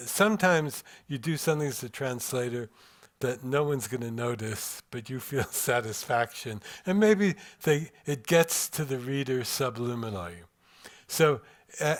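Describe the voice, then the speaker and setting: An older man giving a lecture to a live audience in a room, reflective and measured, pausing to weigh his words and reading passages aloud. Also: medium pitch. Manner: measured, reflective, pausing over word rhythm.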